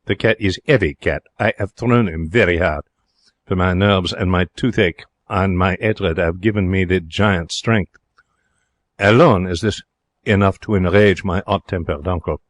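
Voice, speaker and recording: An actor playing an excitable young Frenchman in a radio drama, speaking broken English in a French accent with theatrical, emotional delivery. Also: low voice, no room sound. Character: young excitable romantic Frenchman, former hotel cashier. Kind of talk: 1940s radio drama narration.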